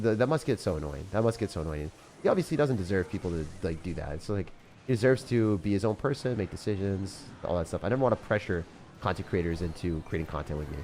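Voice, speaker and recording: A man's voice: low voice, darkish tone, a little hiss or hum. A young man streaming a mobile game, chatting casually and laid-back with viewers, saying dude and bro and laughing often. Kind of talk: casual live-stream chat.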